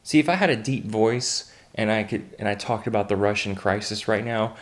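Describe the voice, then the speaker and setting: A young man from the United States reads the day's headlines in a fairly low voice, casual and unpolished. He stumbles and restarts often. Between items he drops blunt, offhand remarks of his own. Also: normal speed. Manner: reads headlines then adds blunt, offhand asides with frequent fillers and restarts. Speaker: host of a daily online news roundup. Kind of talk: casual news reading with commentary.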